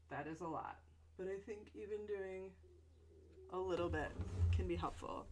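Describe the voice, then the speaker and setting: Voice teacher, young adult woman, slightly low voice, easygoing chatty demo delivery. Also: a little hiss or hum. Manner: relaxed, chatty, with fillers and asides. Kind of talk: instructional stretch demonstration.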